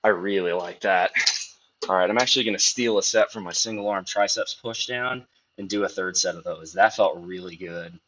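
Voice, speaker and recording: Very deep-voiced guy talking lifting between sets at the gym, opinionated, swears a lot, muffled lo-fi stream sound. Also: normal speed, a bit bright, slight background noise. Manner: rambling, opinionated, swears freely. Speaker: streamer working out. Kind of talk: casual workout chat while lifting.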